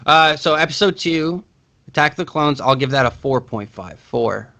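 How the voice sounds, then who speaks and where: A man's voice: fairly high pitch, expressive, normal speed, bright, forceful tone. A man co-hosting a casual movie podcast, rambling with frequent restarts and swearing. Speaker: podcast co-host.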